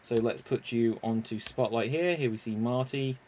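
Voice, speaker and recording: A man hosting an online improv game over a video call, unhurried and chuckling as he calls on players by name. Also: mid-range voice, darkish tone, slight background noise. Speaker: improv show host.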